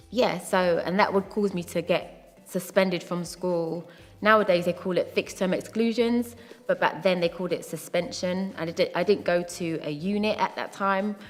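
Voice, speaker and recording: A woman, a singer-songwriter and host, telling a personal story in a reflective way, laughing now and then. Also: fairly low pitch. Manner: reflective, laughs often, quotes people in put-on voices. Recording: long reverb with faint music behind. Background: faint background music.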